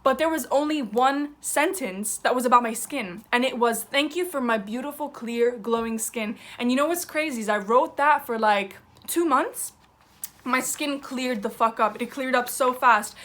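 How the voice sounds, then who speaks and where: A woman's voice: sits high, normal speed, sharp tone. A young woman talking straight to camera in a chatty, emphatic vlog style, slangy and swearing casually as she gives advice. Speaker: YouTuber.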